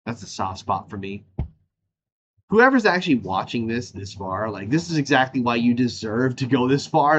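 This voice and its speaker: A man's voice: mid-range voice, lo-fi sound, a little hiss or hum. A man hosting his own show in a casual, rambling chat, jumping animatedly between topics. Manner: animated, jumps between topics, frequent fillers and laughs. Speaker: show host.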